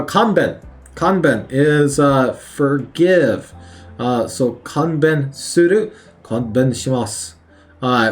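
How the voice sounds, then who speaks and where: A man thinking aloud as he studies vocabulary, repeating words over and over with many fillers, at his work computer on a lunch break. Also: fairly high pitch. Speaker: language learner studying on video. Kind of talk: casual study commentary.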